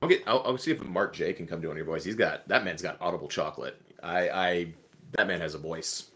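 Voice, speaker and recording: A man guesting on a podcast in casual chat, animated and joking, jumping in with quick asides. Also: low voice.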